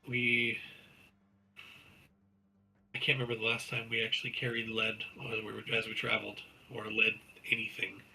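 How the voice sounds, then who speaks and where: A man's voice: mid-range voice, vocal fry, sharp tone, slight background noise, poor audio. A man running a tabletop game as game master, narrating and answering players in a hesitant way as he searches for words.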